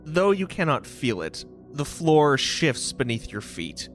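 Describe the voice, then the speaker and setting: A man's voice: fairly high pitch, sing-song, a little slow, soft background music. A man running a tabletop game as game master, describing scenes loosely with jokes.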